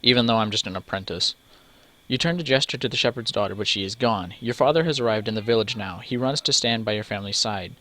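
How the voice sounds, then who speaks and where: A man's voice: on the low side, fast, pushed and bright. A man reading a text adventure game aloud, stumbling over names and breaking off for joking asides. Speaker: let's player.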